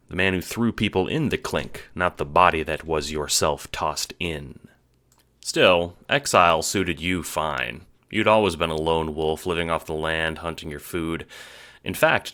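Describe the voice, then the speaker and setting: Male narrator, deep voice with a bright edge, scripted drama read. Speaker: narrator and voice of all parts.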